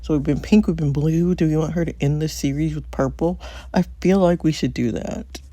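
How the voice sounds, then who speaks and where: A woman's voice: low voice, a little fast, dark tone, no room sound. A woman hosting a casual let's-play, chatty and thinking aloud with frequent ums and laughs. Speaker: gaming channel host.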